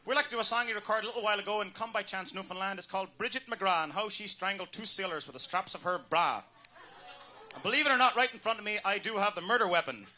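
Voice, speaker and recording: A man doing jokey, deadpan stage banter live in a pub. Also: high-pitched, fast talker. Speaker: pub band performer telling jokes.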